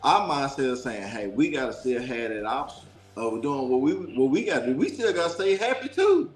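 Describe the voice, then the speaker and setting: A man from Dallas, a talk show guest telling a story in an animated, preachy way. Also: mid-range voice, brisk, reverberant, soft background music. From Dallas, Texas. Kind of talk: casual storytelling.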